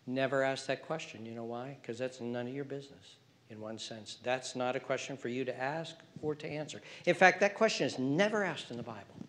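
A male pastor preaching a sermon, alternating emphatic raised calls with hushed, whispered passages. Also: on the high side.

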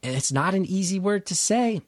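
A middle-aged man from New Jersey, a comedian guest telling a candid story in conversation, animated, acting out quoted lines and swearing freely. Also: high voice, moderate pace, no echo, clean studio sound.

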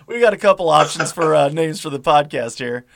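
A man's voice: on the high side, gravelly. A man hosting a podcast, throwing in joking, teasing remarks. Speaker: podcast host. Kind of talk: casual chat.

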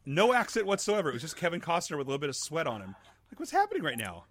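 A man co-hosting a casual chat, telling animated stories and laughing often. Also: on the high side, racing. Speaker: podcast co-host. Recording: noticeable background noise.

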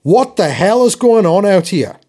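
A man co-hosts a sports podcast, ranting with exasperation in casual sports chat and frequently restarting his sentences. His high voice swings widely in pitch at a measured pace, with background noise in the recording.

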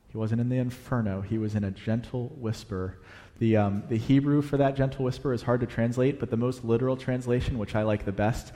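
A man preaching a sermon, animated, swinging between loud emphasis and hushed, quiet passages. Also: mid-range voice. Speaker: pastor. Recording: long hall reverb.

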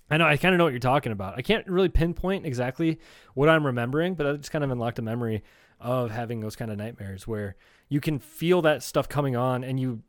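A man's voice: medium pitch, dry recording, studio quality. A man co-hosting a casual comedy podcast, talking in an easygoing, reflective way with casual swearing. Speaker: podcast co-host.

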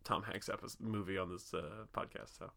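A man co-hosting a podcast in casual chat, animated and joking, swearing often and laughing a lot. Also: sits low, moderate pace, creaky. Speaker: podcast co-host.

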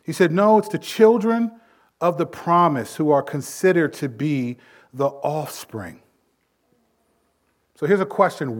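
A man preaching a sermon as pastor, building emphasis with sudden swells in volume and dropping low to make a point. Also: expressive, a little slow, long pauses.

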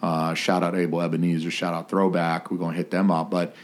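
A man's voice: deep voice, level tone, a little fast. A man hosting a casual podcast, ribbing his guests with crude teasing jokes. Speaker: podcast host.

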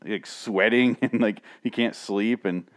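A man co-hosting a podcast in casual chat, blunt and profane, acting out scenes with animated retellings. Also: lowish voice, a little slow. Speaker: podcast co-host.

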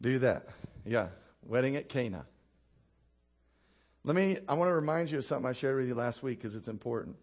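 With lively intonation, a fairly quick pace and frequent pauses, a male pastor delivers a sermon. He tells stories animatedly, laughs at his own anecdotes, drops low and quiet for emphasis, and prompts the congregation to respond.

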